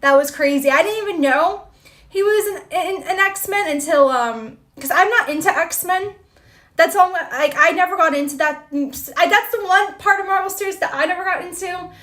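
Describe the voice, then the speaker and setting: A woman's voice: extremely high pitch, moderate pace, sharp tone. A woman hosting a casual livestream chat, greeting viewers and reading their comments in a bubbly, exclamatory way. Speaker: livestream host.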